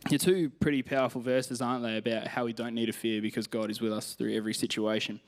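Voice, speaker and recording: A man's voice: mid-range voice, flat delivery, fast talker. A young man with an Australian accent preaching a sermon in a chatty, self-deprecating way, telling personal stories and reading scripture. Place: church stage.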